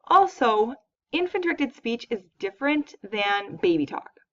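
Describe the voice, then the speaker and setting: A woman's voice: a little high, very animated, measured pace, fairly bright tone. Female professor, conversational lecture, picked up from afar on a muffled recording. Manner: explanatory, conversational, with fillers. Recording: dull, distant lecture recording.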